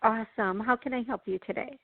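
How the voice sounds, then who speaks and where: A woman hosting a call-in radio show as a psychic medium, chatty and reassuring, often clearing her throat. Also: on the high side, fast, no room sound. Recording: tinny phone-like sound, dry.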